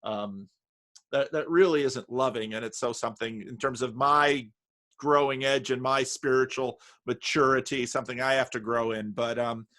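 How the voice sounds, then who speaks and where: A man from New Jersey hosting a casual conversation over a video call, talking in halting bursts with many restarts and fillers. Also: medium pitch, steady tone, sharp tone. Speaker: host.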